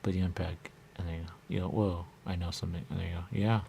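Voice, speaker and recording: Low gravelly man in a rambling monologue. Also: little pitch movement, fast, warm tone, slight background noise. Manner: repetitive, rambling, repeats catchphrases. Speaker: radio show host.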